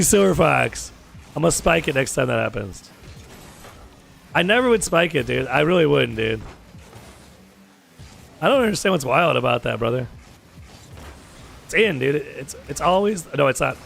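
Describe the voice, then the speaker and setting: Hoarse, gravelly young man streaming games. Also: medium pitch, very animated, normal speed, long pauses, a bit bright, slight background noise. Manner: chatty, swears freely, calls people dude. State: hoarse, sore throat. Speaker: gaming streamer. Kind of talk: casual gaming chat with viewers. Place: home gaming setup.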